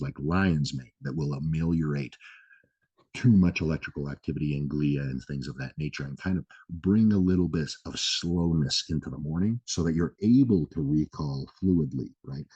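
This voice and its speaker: Extremely low and warm with a breathy edge, the man's voice is recorded without echo, though the highs are cut off. He's a vlog host explaining health tips in a relaxed way, leaning on fillers, swearing casually and often asking "right?"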